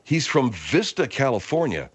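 A man hosting a comedic radio talk show, exasperated and deadpan with his guests. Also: medium pitch, moderate pace, breathy edge.

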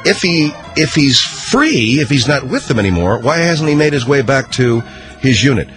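A man's voice: medium pitch, very animated, moderate pace, over music. A man hosting a radio talk show, riffing sarcastically through a comedic monologue. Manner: sarcastic, riffing, acts out skits.

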